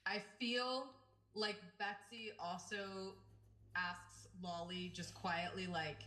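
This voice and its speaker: A woman's voice: mid-range voice, fairly even intonation, slow pace, bright, forceful tone, slight background noise. A woman player at a tabletop role-playing game, talking casually with hesitant ums and likes. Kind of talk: tabletop role-play chat. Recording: roomy echo.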